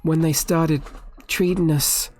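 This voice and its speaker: A man's voice: a little high, steady tone, slow pace, darkish tone, pitched above the performer's own voice. A woman voicing a frightened young male asylum patient who stammers and pleads.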